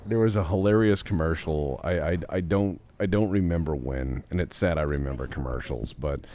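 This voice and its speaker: A man's voice: a bass voice, moderate pace, slight background noise. A man chatting casually with friends over a game, telling stories expressively and swearing. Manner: expressive storyteller, laughs, swears. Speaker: gamer. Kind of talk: casual chat while playing a game.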